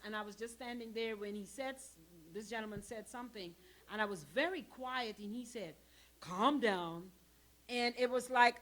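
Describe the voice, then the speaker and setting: Bright, emphatic woman leading a workshop. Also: fairly high pitch. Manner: emphatic, animated, addresses audience as y'all. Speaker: parenting workshop presenter. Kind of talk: interactive church workshop teaching. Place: church hall.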